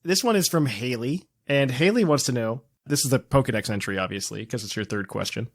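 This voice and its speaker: A man's voice: medium pitch, animated, brisk, dry recording, clean studio sound. A man hosting a quiz segment on a casual podcast, reading out questions and teasing the guests.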